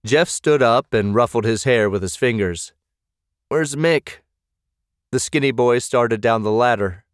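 A man reading scripted narration for an audiobook at a measured pace. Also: mid-range voice, smooth, no room sound, clean studio sound.

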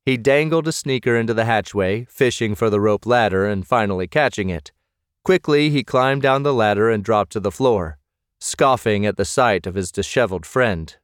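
A man reading scripted narration for an audiobook at a measured pace. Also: on the low side, clean tone, no echo, clean studio sound.

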